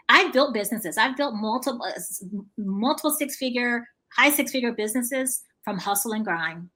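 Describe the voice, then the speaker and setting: A woman hosting a podcast interview, telling stories in a lively way and acting out the dialogue. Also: fairly high pitch, normal speed, hardly any pauses. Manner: animated storytelling, acting out dialogue. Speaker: podcast host. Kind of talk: casual conversational interview.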